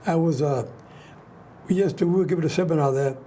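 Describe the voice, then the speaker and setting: Fast-talking older man, rambling host. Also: on the high side, dark tone, slight background noise. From New York. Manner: rambling, restarts often, storytelling. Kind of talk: casual chat.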